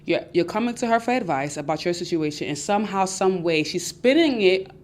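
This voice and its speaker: A young adult woman hosting a podcast, giving casual advice and acting out her friends' voices with lively energy. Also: on the low side, fairly quick. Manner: animated, acts out friends' voices. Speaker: podcast host.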